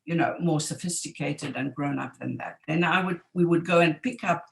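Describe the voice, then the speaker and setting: A woman in her seventies calmly sharing childhood memories, reflective and wry. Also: sits low, creaky, echoey room, rough recording. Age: 70s. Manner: unhurried, reflective, with wry asides. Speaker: community member sharing memories. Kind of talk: reminiscing oral history.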